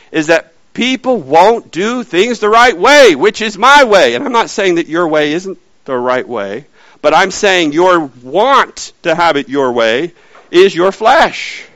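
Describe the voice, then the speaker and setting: A man preaching a sermon in an animated way, swinging from loud lines to hushed, whispered ones. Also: fairly high pitch, dry recording, poor audio.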